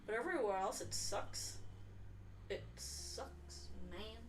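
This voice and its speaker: Casting: woman co-host, halting casual chat, roomy far-off mic with noise. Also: mid-range voice, sing-song, gravelly. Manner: hesitant, restarting. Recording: echoey, distant, noisy mic.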